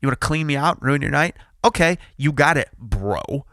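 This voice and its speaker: Animated, profane man retelling a crash. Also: fairly high pitch, moderate pace, dry recording, clean studio sound. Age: 30s. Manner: animated, profane, acts out quotes; loud, excited retelling. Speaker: podcast host. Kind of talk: casual storytelling.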